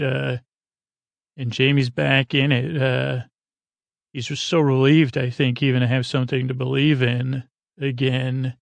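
Guy doing a podcast recap off his notes, flat monotone, gravelly, lots of uhs. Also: mid-range voice, no room sound. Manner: halting, loose, full of filler sounds while paraphrasing scenes. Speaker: podcast host recapping a TV episode. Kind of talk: casual episode recap read from handwritten notes.

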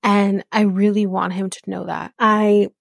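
A woman's voice: medium pitch, flat delivery, a little slow, creaky, no room sound, clean studio sound. A woman hosting a casual recap podcast, blunt and exasperated, swearing freely as she rants. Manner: frustrated, blunt, swears often. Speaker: podcast host recapping a reality show.

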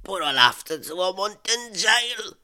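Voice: mid-range voice, lively intonation, unhurried, sharp tone, pitched above the performer's own voice. Someone voicing a pleading man on the phone.

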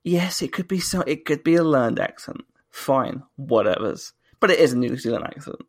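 A man co-hosting a podcast in casual chat, animated and ranting quickly with bursts of laughter. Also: medium pitch. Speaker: podcast co-host.

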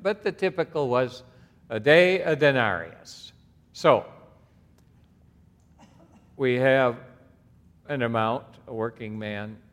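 A male pastor preaches slowly and deliberately, his pitch swinging widely as he stresses key words. He reads scripture aloud and then steps aside to comment. The voice carries with a long reverb, as in a church sanctuary. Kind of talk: expository sermon.

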